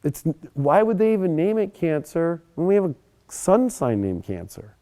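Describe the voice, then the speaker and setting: A young adult man giving a casual, animated astrology monologue, emphatic and often swearing. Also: on the high side, normal speed. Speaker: astrology presenter.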